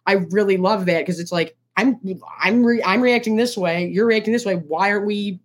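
Woman, casual film-review chat, animated, mid-pitch voice, quick self-corrections. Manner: animated, quick restarts, acts out quotes.

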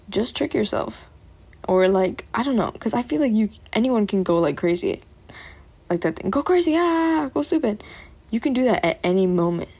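A woman's voice: mid-range voice, darkish tone, husky. A young woman vlogging at home in a rambling, chatty way, often laughing as she talks. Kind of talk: casual chat to camera. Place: bedroom at home.

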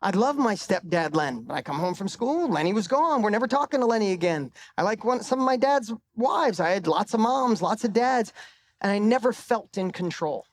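A man's voice: high voice, lively intonation, normal speed. A middle-aged man giving a live motivational talk on stage into a microphone, telling a personal story with emphatic swearing and a voice that climbs for punchlines. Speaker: motivational speaker.

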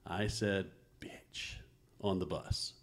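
A man's voice: on the low side, measured pace. A middle-aged man hosting a casual family podcast conversation, telling childhood stories with frequent laughter. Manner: animated storyteller, laughs often. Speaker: podcast host.

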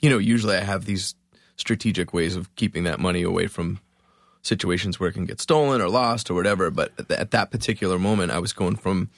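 Musician guest, male, from Philadelphia; low voice, dry close mic; lively and salty storyteller. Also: fast talker, dry recording. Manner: animated, profane, self-mocking storytelling. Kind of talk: storytelling in a podcast interview.

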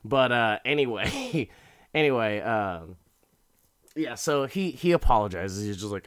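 Slow-talking sarcastic young man. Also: mid-range voice, animated, a bit bright, no room sound, studio quality. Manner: sarcastic, rambling with restarts and chuckles. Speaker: show recapper. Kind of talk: casual recap commentary.

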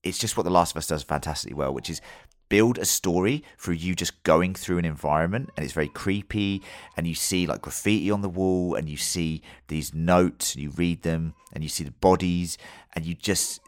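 Deep-voiced man hosting a podcast. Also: brisk, hardly any pauses, no echo. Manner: loose, swearing, filler-heavy storytelling. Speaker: podcast host. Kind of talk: casual podcast chat.

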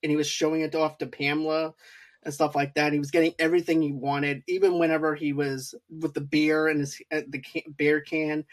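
A man's voice: on the high side, level tone, fairly quick. A man co-hosting a movie review podcast, retelling scenes at length with chuckles. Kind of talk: casual chat.

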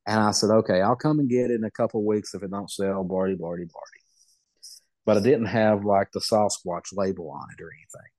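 A middle-aged man from Southeast Kentucky, a podcast guest, tells stories casually in a folksy, rambling way, clearly amused by himself. His voice is low, dry, and darkish, recorded with no room sound.

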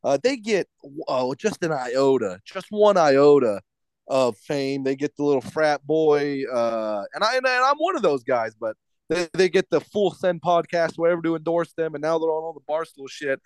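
A man with a high, light voice rants through a casual podcast chat, swearing freely and tripping over restarts. The sound is dry and close, with no room around it. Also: animated, normal speed, clean tone, no room sound. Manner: profane ranting with stumbling restarts. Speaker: podcast co-host.

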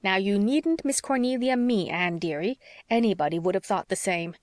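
A woman reading the part of a sharp-tongued older spinster neighbour in an audiobook, blunt and scolding. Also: medium pitch, normal speed, no room sound, studio quality, close to an everyday voice. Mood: scornful.

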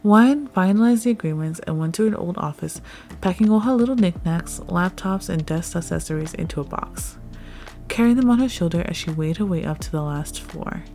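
A woman reads a romance story aloud in a steady, even storytelling manner. Her voice is low and mellow, with soft music faintly underneath. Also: a little fast. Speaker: narrator. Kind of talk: fan fiction audiobook narration.

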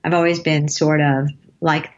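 In a lo-fi clip, an advertising creative in her late fifties guests on a casual interview, rambling through stories and laughing often. Her voice is low-pitched and level, at normal speed.

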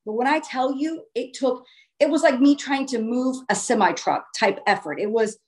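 Woman, higher voice, casual first-person storyteller, earnest and emphatic, restarts phrases. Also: normal speed.

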